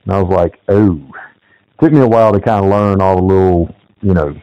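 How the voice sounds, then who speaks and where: Male host, relaxed coach, dull lo-fi recording, deeper voice. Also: brisk, clear, resonant tone, no room sound. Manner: relaxed, laughs along, tells short anecdotes. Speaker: podcast host, football coach. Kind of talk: casual interview chat. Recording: dull lo-fi dry sound.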